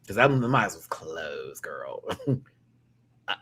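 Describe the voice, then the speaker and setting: Man, young adult, sassy live review host, lively swooping voice, quick laughs and hushed asides. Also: low-pitched, a little hiss or hum. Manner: animated and sassy, laughing, drops to quiet asides. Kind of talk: casual live review chat.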